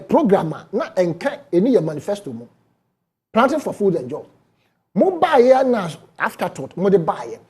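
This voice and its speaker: A man's voice: high voice, breathy edge. A man with a Ghanaian accent, arguing as a panelist in a heated political debate and mixing Twi into his English. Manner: emphatic, animated, mixes Twi into English.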